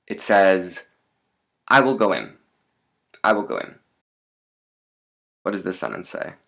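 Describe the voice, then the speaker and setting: A man teaching a lesson in a relaxed, chatty way, with many fillers and asides. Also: low-pitched, takes it slowly, gravelly.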